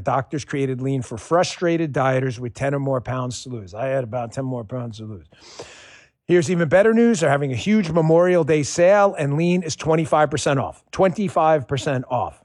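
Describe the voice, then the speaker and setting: A man giving a radio ad endorsement in a conversational, emphatic manner, repeating key points. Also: mid-range voice. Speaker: product endorser. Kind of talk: radio ad read.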